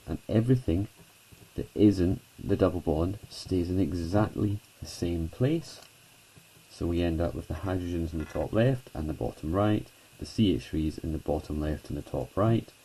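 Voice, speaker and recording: A low-voiced man teaches a chemistry lesson, with plenty of gravel in his tone. He keeps it chatty and self-deprecating, leaning on "okay" and "so" as he walks students through each step. The voice sounds dark and a little husky. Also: moderate pace, rough recording. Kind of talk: whiteboard lesson narration.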